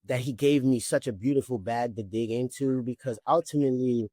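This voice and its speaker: This interview guest, a thirtysomething man with a New Orleans accent, is from New Orleans, Louisiana, and chats casually, telling laid-back stories punctuated by frequent "you know what I mean." His medium-pitched voice is brisk and warm, captured in a dry, studio-quality recording.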